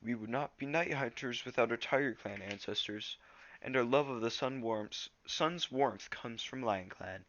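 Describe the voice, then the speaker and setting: A man voicing an older male warrior cat mentor in a storybook reading, slow and measured. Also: medium pitch, fairly bright tone, lo-fi sound, slight background noise, natural voice.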